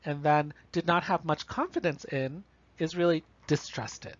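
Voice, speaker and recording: A college instructor in a recorded online lecture, explaining writing examples in a relaxed, chatty way that keeps checking in with the class. The voice sits at a middling pitch. The recording is a bit muffled and very dry, with no room sound. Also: a little slow, no echo. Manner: casual, talks through examples with frequent "right?" and "you know". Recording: slightly dull, dry recording.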